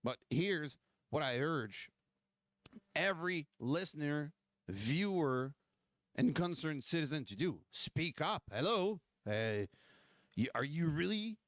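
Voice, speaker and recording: Male host, impassioned rant, higher voice, dry close sound. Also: lively intonation, slow pace, a bit bright, no room sound. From Quebec. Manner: fiery, repetitive, full of rhetorical questions. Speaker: political livestream host.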